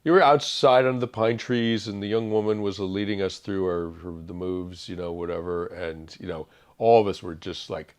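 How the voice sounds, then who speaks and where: A middle-aged man speaking as an interview guest, thoughtful and halting, with many fillers and restarts. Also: low-pitched, fairly even intonation. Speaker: author guest. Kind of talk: reflective interview conversation.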